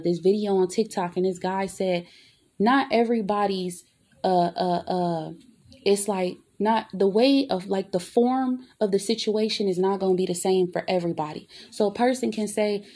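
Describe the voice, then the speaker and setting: A woman's voice: on the low side, dark tone. A woman talking straight to her audience in a casual confessional monologue. She rambles, restarts and repeats herself, swears freely, and keeps asking "you feel me?". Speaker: vlogger.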